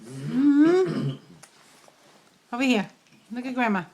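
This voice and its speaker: A woman's voice: a little high, big pitch swings, takes it slowly, mellow, a little hiss or hum. An older woman, a grandmother, doting on her small grandchild with coaxing sing-song baby talk at home.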